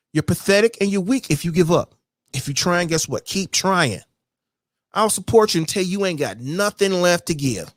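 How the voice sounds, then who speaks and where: A blunt, foul-mouthed man rants about a coworker on his own podcast. His voice is fairly high and swings widely, and the sound is close and dry. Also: dry recording. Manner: blunt, profane, mocks others in whiny voices. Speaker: podcast host. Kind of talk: casual rant monologue.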